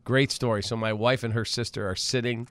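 Man, sports radio host, animated storyteller, casual talk, dry studio sound. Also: lowish voice, brisk, dry recording. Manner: animated storyteller, acts out quoted voices. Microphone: studio mic.

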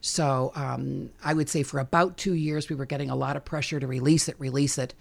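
Gravelly woman chatting animatedly. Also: a bass voice. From Chicago, USA. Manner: chatty and animated, quick asides, frequent fillers. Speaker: guest, bug repellent maker. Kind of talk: casual interview talk.

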